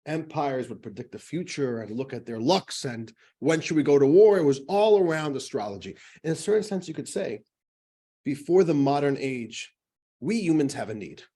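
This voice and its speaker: A man's voice: fairly high pitch, animated, normal speed, mellow, husky. A man teaching a class as a rabbi, in a chatty, joking style full of fillers. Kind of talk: casual classroom lecture.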